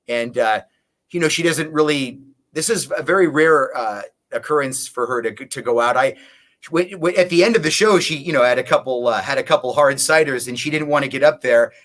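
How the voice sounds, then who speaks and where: A man's voice: mid-range voice, a little fast, fairly bright tone. A man, a guest musician in a casual interview, telling long stories with many restarts. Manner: rambling storyteller with many restarts.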